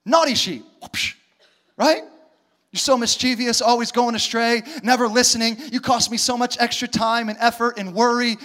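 A man with a very high voice preaching a lively sermon to his church. He acts out little conversations and swings from soft asides to shouted questions. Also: moderate pace. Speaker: pastor.

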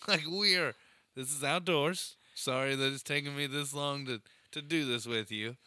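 A man tells funny stories in a loose, animated chat, laughing as he goes. His voice is very bright and crisp. The sound is dry and close, with no room around it. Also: mid-range voice, normal speed, no echo. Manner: animated storyteller, laughs often. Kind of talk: casual chat.

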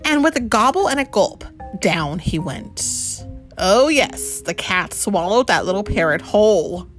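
Woman reading a picture book to her kid, lively pitch, quiet music under it. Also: measured pace. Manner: chatty, animated, asks the child questions. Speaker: parent reading to her child. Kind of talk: storybook read-aloud.

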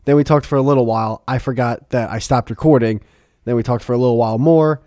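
A male podcast host chats loosely, rambling through his thoughts, laughing often and swearing freely. He speaks at a middling pitch. The mic sound is dry and close. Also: steady tone, quick pace, dark tone, dry recording. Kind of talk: casual podcast chat.

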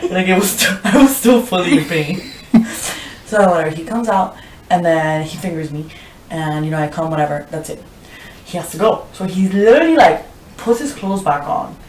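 A woman's voice: fairly low pitch, lively intonation, moderate pace, a little mellow, far from the mic, a little hiss or hum. Laughing, foul-mouthed young woman. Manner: laughing, profane, lots of filler "like". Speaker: podcast guest telling a story. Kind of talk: casual chat. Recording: echoey room, voice from the mic.

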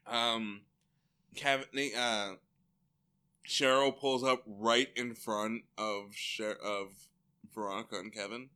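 A man co-hosting a podcast, recapping a TV episode in casual chat, animated and laughing, acting out the characters in silly voices. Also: lowish voice, takes it slowly, clear, resonant tone. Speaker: podcast co-host.

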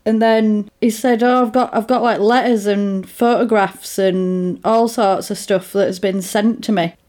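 A woman chats casually, retelling a film scene by scene. She acts out each character's lines in a lively storytelling manner, her voice sitting at a mid pitch. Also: a little slow.

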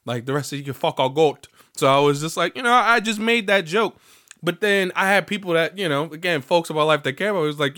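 Talking at a quick pace in a slightly high voice, a young podcast host delivers a casual solo monologue that's animated, profane and dotted with sung snippets. He's recovering from illness, and his voice is still slightly off.

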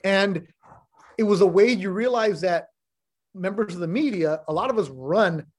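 Blunt, high-voiced middle-aged man. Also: normal speed. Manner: blunt, animated storytelling with swearing. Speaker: sports broadcaster, podcast guest. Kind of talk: casual chat.

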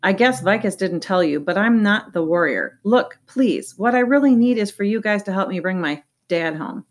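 A woman's voice: mid-range voice, lively intonation, moderate pace, close to an everyday voice. A woman doing an earnest eager boy.

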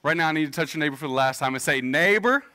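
A man's voice: on the high side, level tone, racing, sharp tone, smooth. A man in his thirties, a pastor preaching a sermon in a casual, joking way, telling personal stories to a church congregation. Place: church stage before a congregation.

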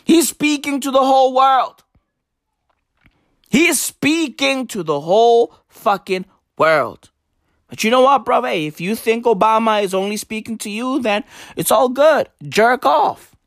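Animated British-ranter. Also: male voice, very high voice, a little slow, no echo, clean studio sound. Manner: animated, profane, repetitive. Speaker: commentator. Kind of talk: comedy rant.

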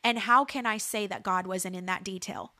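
A woman's voice: medium pitch, normal speed, sharp tone, no room sound, clean studio sound. A woman in her thirties giving an earnest preaching testimony, building emphasis through repeated phrases. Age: 30s. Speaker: speaker sharing a faith testimony.

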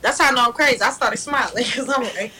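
A young woman telling a story in casual chat, animated and laughing, loudly acting out what others said. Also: on the high side, quick pace, a loud crowd, poor audio.

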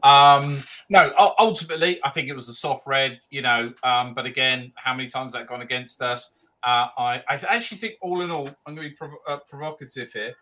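A man with a bright, forceful voice chats about football. He is blunt and rambling, stumbling and restarting often. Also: medium pitch, a little fast. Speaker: podcast panelist. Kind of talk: casual chat.

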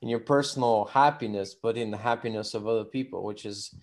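A man's voice: fairly low pitch, brisk. A man hosting a casual interview, summing up what his guest has said and answering her with brief affirmations. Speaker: host.

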